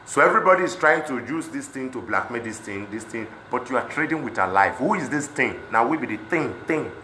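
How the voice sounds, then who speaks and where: A Nigerian man with a Pidgin-inflected accent, speaking in an impassioned monologue that swings between loud outbursts and low muttering. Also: animated, brisk, slight background noise. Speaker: celebrity speaking on protests. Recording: echoey room.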